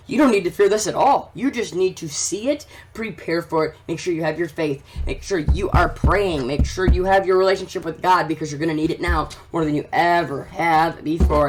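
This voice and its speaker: A man hosting a commentary vlog, reading news aloud and ranting about it in a fervent, preachy way that urges his listeners. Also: fairly high pitch. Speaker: channel host.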